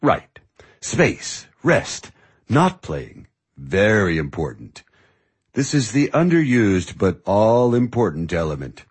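Here is a calm, wry music mentor, read by a man whose low, husky voice rises and falls a great deal as he teases his student. He speaks in a patient, measured way, like a teacher handing out lessons one at a time. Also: full character voice. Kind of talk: audiobook dialogue.

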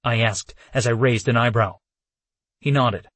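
A man narrating a first-person novel as an audiobook, telling the story in an expressive way. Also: mid-range voice, a little slow, dry recording.

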